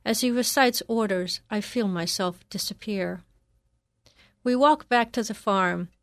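A woman narrating a first-person memoir in a measured, reflective reading. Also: mid-range voice, no room sound, studio quality.

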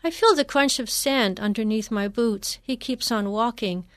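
A woman narrating a first-person memoir in a measured, reflective reading. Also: on the high side, a bit bright, dry recording, studio quality.

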